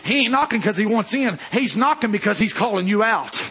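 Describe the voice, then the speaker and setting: A male preacher delivering a fervent sermon, rising to shouts and dropping low again. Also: expressive, fairly quick, husky.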